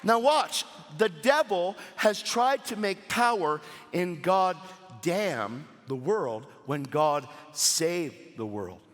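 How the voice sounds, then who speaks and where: A man preaching a sermon at a church service, animated and casual, with slangy asides to the crowd. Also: high-pitched, slow, long reverb tail, soft background music.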